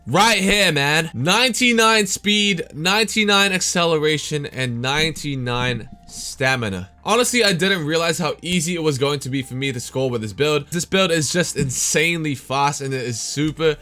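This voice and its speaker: A man's voice: fairly high pitch, animated, moderate pace, hardly any pauses, bright, forceful tone. A tired young man hosting a casual gaming tutorial, upbeat and chatty, saying "man" and "guys" often. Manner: hyped, repeats "man" and "guys". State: tired, slightly worn voice. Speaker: gaming YouTuber host.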